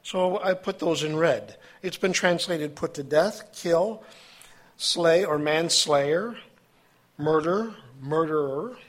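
A man preaching a sermon, reading scripture aloud with his own asides and halting now and then. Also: a little high. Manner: halting, with fillers and self-corrections.

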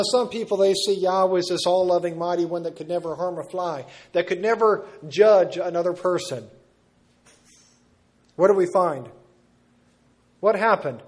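A man preaching a sermon, slow and measured, repeating words for emphasis. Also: high-pitched.

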